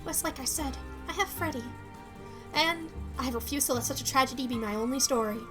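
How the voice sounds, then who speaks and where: Woman voicing a soft-spoken grieving mother. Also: high-pitched, brisk, over music, natural voice. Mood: tender. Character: grieving gentle mother, hopeful.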